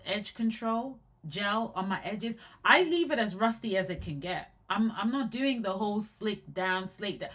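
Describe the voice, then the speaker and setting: A young adult woman in casual live commentary on hair care, chatty and animated, often repeating and restarting words. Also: medium pitch.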